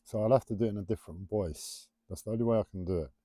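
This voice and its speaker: A man's voice: lowish voice, steady tone, very fast, warm tone, dry recording, clean studio sound. A man hosting a rambling solo livestream from home, waffling off on tangents and having trouble pronouncing his T's. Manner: wanders off on tangents, self-described waffling. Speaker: livestream host.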